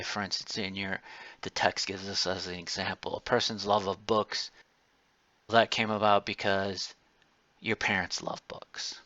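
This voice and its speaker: A man's voice: on the low side, pushed and bright, dry recording, lo-fi sound. A male college lecturer giving a casual, digressive class lecture full of personal stories.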